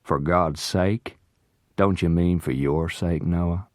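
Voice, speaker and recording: A man's voice: very deep voice, a little slow, a little mellow, no room sound, studio quality. A man reading aloud voices a vengeful man who taunts his captive in a mocking drawl.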